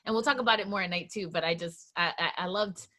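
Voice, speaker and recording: A woman's voice: lowish voice, fast talker, bright, forceful tone. A woman co-hosting a casual podcast chat, emotional and swearing freely, with many restarts. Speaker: podcast co-host.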